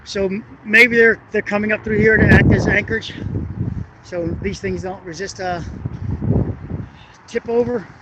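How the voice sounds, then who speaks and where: High-pitched guy walking a bridge at night explaining stuff, rambly, cusses, wind and traffic loud on the cam. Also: steady tone, measured pace, pauses often. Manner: rambling, hesitant, swears when annoyed. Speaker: construction engineering vlogger. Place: outdoors on a city bridge at night. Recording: noisy outdoor wind and traffic.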